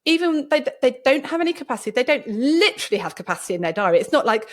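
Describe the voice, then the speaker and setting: A woman with a fairly high voice speaks in a casual podcast conversation. She tells stories with lively energy and often restarts her sentences mid-thought. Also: racing. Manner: lively storytelling with frequent restarts. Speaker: podcast host and doctor.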